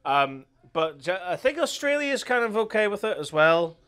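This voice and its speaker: A young Irish man hosting a casual, crude commentary chat, animated and laughing often. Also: sits high, normal speed, clear, resonant tone. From Ireland. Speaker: commentary host.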